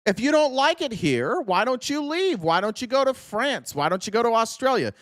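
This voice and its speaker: A whiny colonial loyalist man scolds everyone to just obey the crown, as a man mocks him, his voice pushed up high and dragged out slowly. He sounds snide and bossy, and the recording is close and dry with no room sound. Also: big pitch swings, a bit bright, no echo, full character voice. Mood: scolding. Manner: mocking, scolding.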